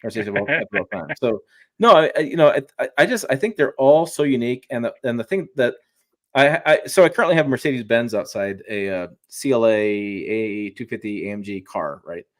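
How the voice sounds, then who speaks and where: A man's voice: medium pitch, lively intonation, fairly quick. A man speaking as a guest on a livestream, chatting casually and enthusiastically, with frequent restarts and rambling asides. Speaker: guest truck reviewer.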